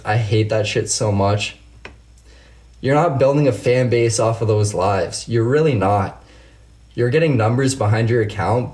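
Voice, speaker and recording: A man's voice: fairly low pitch, a little mellow. Fired-up, profane man ranting to his viewers. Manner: talks straight to viewers by name. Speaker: livestream host. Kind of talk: casual livestream chat answering comments.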